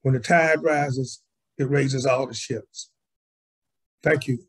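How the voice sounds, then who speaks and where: A man reading a prepared speech on housing funding at a virtual community assembly, measured and deliberate. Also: mid-range voice, fairly even intonation, husky. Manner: measured, read-aloud policy speech. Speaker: community organizer speaker. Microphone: video call.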